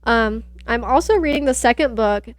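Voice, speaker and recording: Woman, podcast co-host, casual chat, frequent laughter, fairly high pitch, dry sound. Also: moderate pace, no room sound. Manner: chatty, laughs often, rambling.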